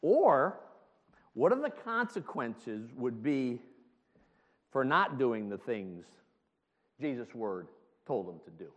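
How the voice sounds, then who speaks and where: A man's voice: mid-range voice, sing-song, slow pace, long pauses, dull audio. A man preaching a sermon as pastor, emphatic and full of rhetorical questions, laughing often between points. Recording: long hall reverb.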